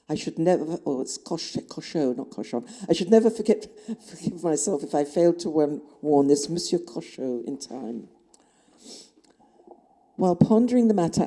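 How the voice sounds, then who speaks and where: A woman author reads her own novel aloud at a festival event. Her voice sits low, with a deep, mellow darkness. She reads in a measured, expressive way. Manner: measured, expressive first-person reading.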